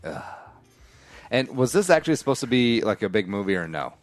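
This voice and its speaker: A man's voice: fairly low pitch, very animated, brisk, no echo. A man hosting a podcast, chatting casually and joking in a rambling way. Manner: rambling, jokey, many restarts. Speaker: podcast host. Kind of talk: casual chat.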